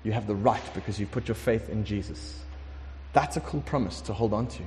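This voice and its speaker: A man preaching a conversational sermon, emphatic and lively, sometimes acting out prayers. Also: fairly low pitch, brisk, a little hiss or hum. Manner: conversational, emphatic, acts out prayers in shifting voices. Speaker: pastor. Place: warm room with congregation. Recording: long hall reverb.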